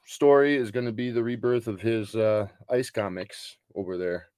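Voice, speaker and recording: Rambling, low-voiced band member. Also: male voice, fairly even intonation, normal speed, a little mellow, clear, resonant tone, no echo. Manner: rambling, many ums and uhs. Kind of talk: casual interview chat.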